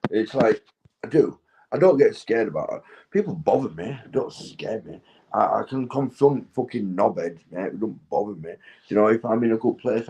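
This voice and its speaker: A man's voice: lowish voice, warm tone, slight background noise, rough recording. Rambling, swearing Northern English man. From England. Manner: meandering, swearing, laughing to himself. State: intoxicated. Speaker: livestreamer. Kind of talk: rambling casual chat to viewers.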